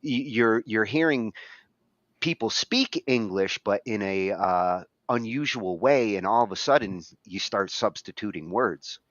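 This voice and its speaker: A man co-hosting a podcast in casual chat, halting and full of restarts as he thinks aloud. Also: lowish voice, animated, fairly bright tone, dry recording. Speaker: podcast co-host. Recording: dull lo-fi recording.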